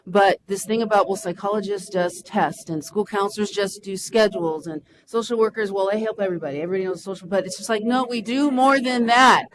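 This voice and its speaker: A woman's voice: mid-range voice, steady tone, fast talker, hardly any pauses, a little mellow, poor audio. A woman in her forties, a school counselor, speaking passionately and emotionally at a public meeting. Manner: impassioned and emotional.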